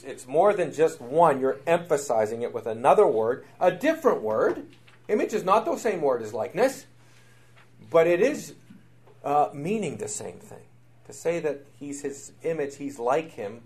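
Middle-aged man teaching Scripture, animated emphasis, stumbles and restarts. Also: mid-range voice. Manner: animated, repetitive emphasis, frequent fillers and restarts. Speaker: Bible teacher. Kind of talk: Bible study teaching.

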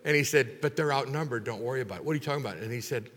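Animated preacher in a reverberant hall. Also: male voice, mid-range voice, racing. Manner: animated storyteller acting out the characters. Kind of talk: sermon retelling a Bible story. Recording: long reverb of a large hall.

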